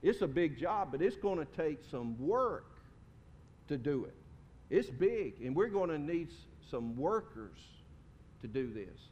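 A pastor preaches in a church sanctuary, talking to his congregation in a folksy, conversational manner and putting questions to them. His voice swings widely in pitch at a measured pace and sounds slightly mellow. The audio is dull, with the reverberation of a large hall and a faint rumble underneath.

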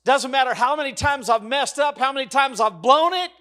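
Male pastor, middle-aged, high voice, emphatic sermon cadence, jumps from shouts to near-hush. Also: a little fast. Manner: swings between loud exclamations and hushed soft passages; emphatic, repetitive preaching cadence.

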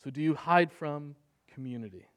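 Earnest male preacher, slightly high voice. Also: moderate pace. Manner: earnest preaching, swings between soft and emphatic. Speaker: pastor. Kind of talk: sermon.

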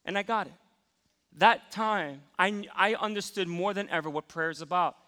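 Guy pastor preaching in a big echoey hall, high bright voice, tells stories. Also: moderate pace, smooth. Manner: storytelling, acts out his own inner voice. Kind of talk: sermon.

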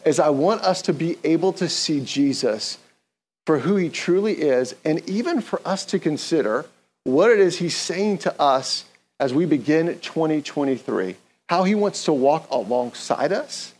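A man's voice: on the high side, lively intonation, unhurried, a little mellow. A man preaching an earnest, conversational sermon, leading the congregation in call-and-response. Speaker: pastor.

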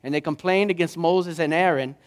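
A man pastor preaching a sermon, animated and rising to emphatic questions. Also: on the high side, a little fast, long reverb tail.

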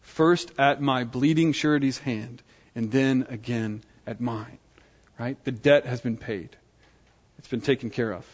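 A man's voice: medium pitch, steady tone, a little slow, lo-fi sound. A man preaching an earnest sermon, often asking his listeners "right?" as he goes.

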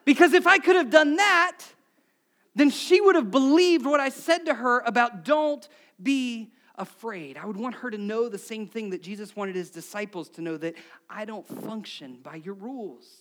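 High-voiced preacher, hushed to shouting. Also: male voice, moderate pace. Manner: animated storytelling, swings from hushed to shouting. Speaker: pastor. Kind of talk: sermon.

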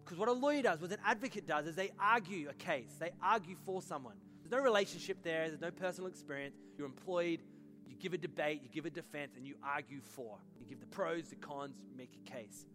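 A man in his thirties preaching a sermon as pastor, animated and rising to fervent peaks. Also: on the high side, brisk, over music.

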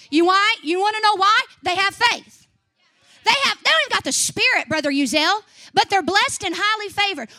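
A young woman preaching a sermon, swinging from fiery shouts to chatty asides. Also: very high-pitched. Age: young adult.

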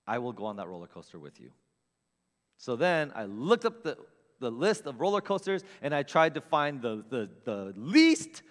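A man's voice: on the high side, fairly bright tone, big-room sound. A man in his thirties telling a funny personal story in a self-mocking way, acting out voices and sounds.

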